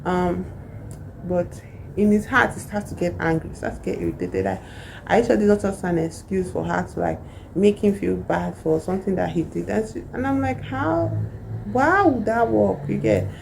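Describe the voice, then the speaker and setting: A woman's voice: fairly low pitch, moderate pace, creaky, a little mellow, a little hiss or hum, rough recording. A woman, casually retelling a novel's plot in a rambling way full of asides. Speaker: book reviewer.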